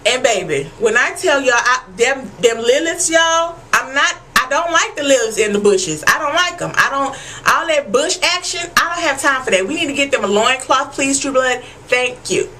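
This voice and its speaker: High, bright-voiced woman reviewing TV. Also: moderate pace, a little hiss or hum, low-quality recording. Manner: animated, profane and emphatic, addressing viewers as y'all. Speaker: TV episode reviewer. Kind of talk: casual TV recap vlog.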